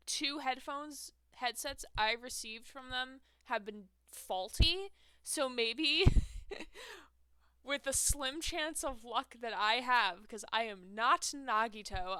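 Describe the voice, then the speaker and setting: A young woman chats through a headset mic while playing a game live, her voice fairly high, bright and crisp. She rambles, laughs often and pokes fun at herself. The sound is dry and close. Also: no room sound. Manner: chatty, laughs often, self-mocking. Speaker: streamer.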